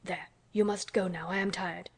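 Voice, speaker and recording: A sad, worn-out gentleman from a storybook reading, speaking slowly and low in a subdued, tired way, as a woman narrator puts him on. He sounds distracted and heavy-hearted. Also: fairly even intonation, lightly acted. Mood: weary. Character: weary, grieving middle-aged gentleman guardian.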